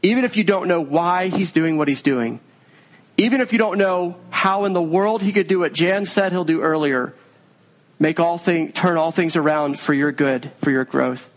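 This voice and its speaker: Guy preaching a sermon, earnest and chatty, voice a bit on the high side. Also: normal speed, low-quality recording. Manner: earnest, conversational preaching with varied pace. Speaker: pastor.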